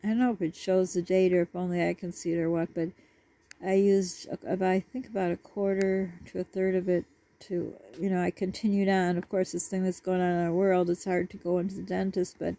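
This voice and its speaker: A woman's voice: lowish voice, level tone, fairly quick, creaky, dark tone, dry recording. A woman vlogger talking to her viewers in a rambling, apologetic way. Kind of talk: casual chat to camera. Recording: dull lo-fi dry recording.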